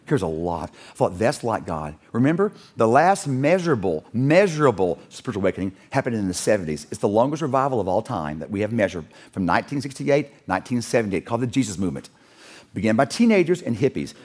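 A man preaching, telling a story with lively quoted voices and laughter in his delivery. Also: medium pitch, quick pace. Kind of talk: storytelling sermon.

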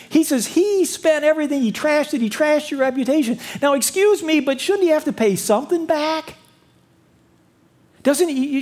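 Preacher doing an indignant, self-righteous elder son. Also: male voice, extremely high pitch, voice pushed up. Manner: indignant, pleading, self-justifying.

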